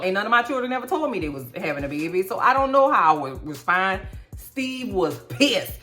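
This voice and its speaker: A woman recapping a TV show in a casual, animated, slangy chat, full of sassy asides. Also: lowish voice, moderate pace, soft background music. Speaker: TV recap vlogger.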